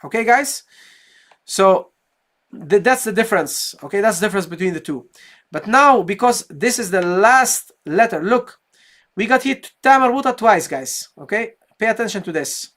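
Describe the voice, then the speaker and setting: A woman's voice: medium pitch, lively intonation, normal speed, fairly bright tone. A woman teaching Quran recitation in a live online lesson. She explains step by step, asks and answers her own questions, and often checks in with "okay, guys?".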